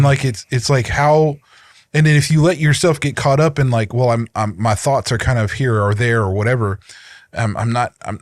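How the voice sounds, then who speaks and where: A man's voice: medium pitch, no echo. A man co-hosting a casual chat podcast, talking in a rambling way with many restarts and fillers. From United States. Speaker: podcast co-host.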